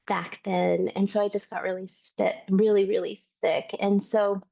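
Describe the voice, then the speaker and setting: A woman's voice: mid-range voice, little pitch movement, measured pace, gravelly, mellow, dull audio. A woman lead trainer giving an emotional, earnest introduction to her class, with frequent ums.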